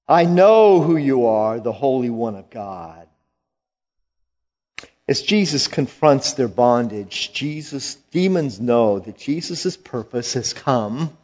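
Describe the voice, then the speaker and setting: Brief: male preacher, slow, dramatic delivery, pitch swinging widely, slightly muffled lo-fi sound. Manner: slow, emphatic, swelling to loud quoted lines. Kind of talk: sermon.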